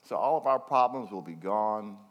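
An older man preaching a conversational sermon, reading scripture slowly between folksy, chuckling asides. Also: on the low side, expressive. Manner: folksy, chuckling asides, slows down to read verses.

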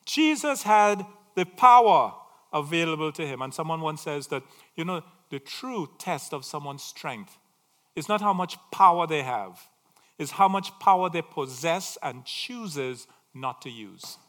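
A man preaching a sermon, swinging from loud emphatic phrases to quiet asides. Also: a little high, lively intonation, a little slow, long reverb tail.

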